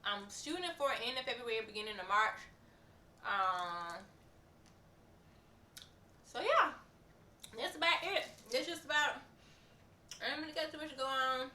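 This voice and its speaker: A woman's voice: high-pitched, a little slow, long pauses, pushed and bright, reverberant, recorded from a distance, a little hiss or hum. A young woman, chatting casually and rambling through a vlog update with lots of fillers and restarts. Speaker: vlogger.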